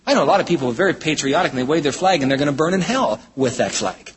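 A man preaching a sermon from the United States, in an emphatic style that swings between loud exclamations and low, intense statements. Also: animated, rapid-fire, husky. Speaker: pastor. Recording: hall reverb.

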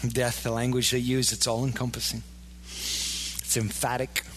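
A man's voice: medium pitch, monotone, a little slow, a bit bright, slight background noise. A man preaching a sermon in a casual, conversational way, often acting out the imagined inner voices of his listeners. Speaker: pastor. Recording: long hall reverb.

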